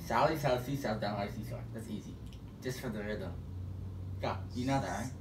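A man's voice: fairly low pitch, moderate pace, background noise. A young man vlogging a party game, teasing his friend as he reads out phrases to guess. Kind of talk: casual chat, party game. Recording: echoey room, far from mic.

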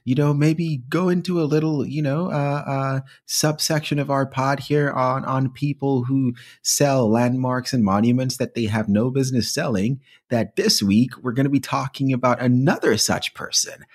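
A man co-hosting a casual comedy podcast, playful and quick to laugh, with bursts of mock indignation. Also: mid-range voice, steady tone, breathy edge. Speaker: podcast co-host.

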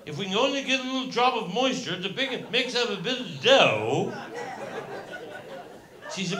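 A man's voice: high-pitched, lively intonation, normal speed, bright, forceful tone. An older man with a Cornish accent telling a long rambling comic story on stage, repeating his phrases in broad dialect. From Cornwall, England. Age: 70s. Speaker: stand-up comedian. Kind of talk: rambling live stand-up storytelling. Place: live venue with audience laughter. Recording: echoey live room, noisy. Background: audience laughter.

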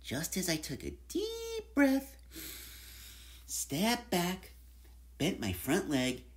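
Man doing a happy yoga bunny reading a kids book, super sing-songy, slow and easy. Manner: sing-song, animated, high squeals. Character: cheerful yoga-loving bunny narrator. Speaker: storybook narrator. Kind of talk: reading a children's picture book aloud.

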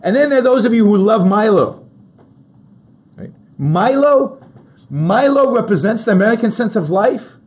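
Husky, lively-voiced man ranting to listeners. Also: high voice, normal speed. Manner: emphatic, addresses listeners directly, many restarts. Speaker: talk show host. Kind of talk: opinionated political commentary.

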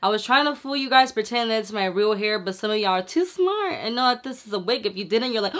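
A young woman talking excitedly at home in a casual makeup vlog, now and then slipping into Spanish. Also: on the high side, brisk, hardly any pauses. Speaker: beauty vlogger. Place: her home.

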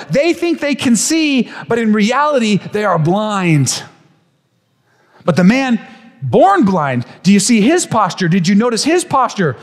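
A man with a strikingly high voice preaches a sermon, pressing his listeners with one rhetorical question after another. His words ring out into the long reverb of a large church hall. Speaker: pastor. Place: church sanctuary.

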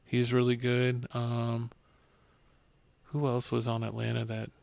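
Gravelly, flat-voiced man trash-talking. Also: medium pitch, slow, no room sound. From Texas. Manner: joking, blunt trash talk. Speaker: podcast host. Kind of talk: casual sports chat. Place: home studio podcast.

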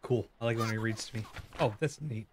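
A man's voice: on the low side, a little fast, slight background noise. A man casually commenting while playing a horror game, chatty and curious, swearing now and then. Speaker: gaming video creator. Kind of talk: casual let's-play commentary.

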